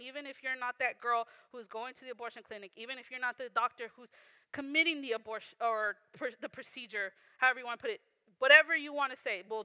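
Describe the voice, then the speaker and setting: A woman's voice: a little high, sharp tone, smooth, dry recording. A young woman teaching a Bible lesson in an earnest, conversational way, often checking in with "right?". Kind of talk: sermon.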